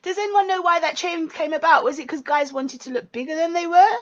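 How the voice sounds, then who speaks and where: High-voiced woman, giggly on a call. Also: fairly quick, a loud crowd. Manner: giggly, curious, storytelling. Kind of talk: casual group call chat. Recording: dull call audio.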